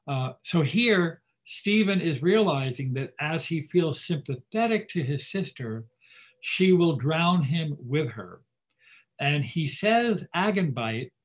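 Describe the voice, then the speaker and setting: A man's voice: medium pitch, poor audio. Man reading and explaining a literary passage. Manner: reads quoted lines slowly and with emphasis, then explains conversationally. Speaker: lecturer. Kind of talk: literature lecture with read-aloud passages. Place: library talk, livestream.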